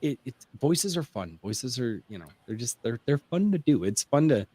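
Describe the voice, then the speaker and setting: Brief: author at a round table, middle-pitched baritone man, eager, restarts a lot, dry close mic. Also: sing-song, moderate pace, warm tone, slightly rough, dry recording. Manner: enthusiastic, rambling, many restarts. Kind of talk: casual round-table chat. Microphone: home mic through a mixer, bass boosted.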